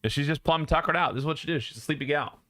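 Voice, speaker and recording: Talking rapid-fire in a slightly high, sharp-toned voice, a young man hosts a livestream and jokes around with viewers, laughing a lot and rambling. The studio mic delivers clean sound with no echo.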